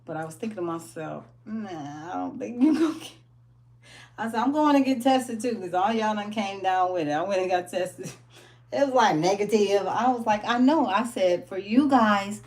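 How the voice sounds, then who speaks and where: A woman giving a casual motivational wellness talk, animated and full of laughter as she acts out stories. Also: medium pitch, moderate pace. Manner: animated storytelling, laughs often, acts out quotes. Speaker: wellness business owner.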